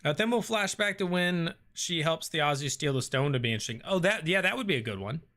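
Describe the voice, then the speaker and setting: Bright-voiced man chatting with his live chat. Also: on the high side, animated, a little fast. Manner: reads viewer comments aloud and answers with frequent fillers. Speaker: streamer reading live chat. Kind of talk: casual livestream chat.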